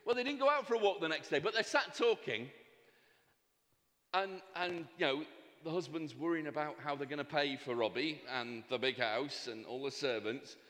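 Male comic storyteller, fairly high voice, chatty asides, hall reverb. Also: moderate pace. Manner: animated, breaks off for audience asides. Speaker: speaker at a fundraising event.

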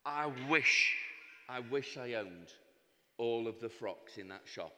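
A man's voice: mid-range voice, expressive, slow, sharp tone, voice pushed down, exaggerated voice. A man voicing a fisherman's wife who muses wistfully over what more she could wish for. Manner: wistful, wishful musing. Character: demanding dreamy fisherman's wife. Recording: reverberant hall.

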